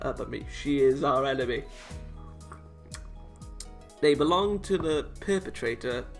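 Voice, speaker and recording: A let's play host whose voice is medium-pitched, gravelly and fairly bright reads a visual novel aloud in a casual way. He keeps breaking in with sarcastic jokes that mock himself.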